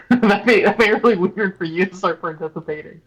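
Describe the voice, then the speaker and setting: A woman's voice: mid-range voice, moderate pace, slightly rough, poor audio. Woman, friend on a voice call, giggly, playful, rambling. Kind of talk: casual chat on a voice call.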